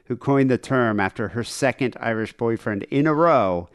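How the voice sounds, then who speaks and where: A man co-hosting a podcast, talking in a relaxed casual chat and explaining things from notes. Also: mid-range voice, normal speed, clear, resonant tone. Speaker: podcast co-host.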